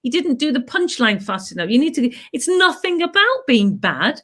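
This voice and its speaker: Bright-voiced woman telling rambling anecdotes. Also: sits high, sing-song, moderate pace. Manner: rambling anecdotes with restarts and acted quotes. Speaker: guest. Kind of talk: casual chat.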